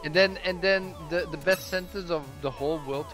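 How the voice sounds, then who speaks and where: Man, a touch high, jokey co-host over music. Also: normal speed. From Belgium. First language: Flemish. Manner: jokey, laughs often, asks the group questions. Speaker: podcast co-host. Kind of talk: casual group chat over gameplay.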